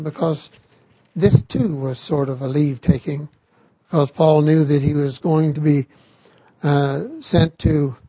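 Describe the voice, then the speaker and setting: An older man giving a sermon on scripture, slow and halting with frequent restarts. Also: on the high side, warm tone, no room sound. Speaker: scripture teacher.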